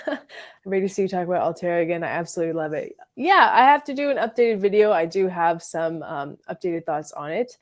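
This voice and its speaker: A woman with a slightly low voice hosts a relaxed fragrance livestream. She chats loosely, greets viewers from the live chat and talks about perfumes in an easy, rambling way, full of little fillers. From Florida. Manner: chatty, reads and answers live chat, frequent likes and ums.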